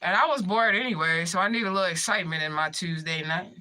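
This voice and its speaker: A woman's voice: on the low side, fast, pushed and bright. A woman chatting casually with viewers on a livestream, brash and profane, laughing often as she trash-talks trolls. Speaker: spiritual medium livestreamer.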